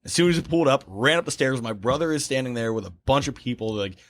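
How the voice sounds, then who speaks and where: Profane, animated male storyteller. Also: mid-range voice, fast. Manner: profane, animated storyteller who acts out voices. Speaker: podcast co-host. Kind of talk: casual storytelling. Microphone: studio mic.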